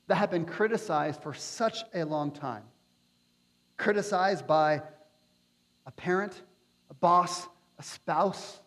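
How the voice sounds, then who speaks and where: Brief: high-pitched male pastor preaching in a church with a long reverb, animated delivery. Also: slow pace, long pauses. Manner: animated, acts out quotes with playful asides. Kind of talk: sermon. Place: church sanctuary.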